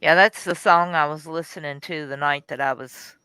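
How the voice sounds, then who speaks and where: A woman's voice: sits low, steady tone, moderate pace, pushed and bright, clear, resonant tone, dry recording. A woman chatting on a video call, teasing and laughing often as she shows her digital art. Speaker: digital artist sharing her work. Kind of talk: casual chat on a call.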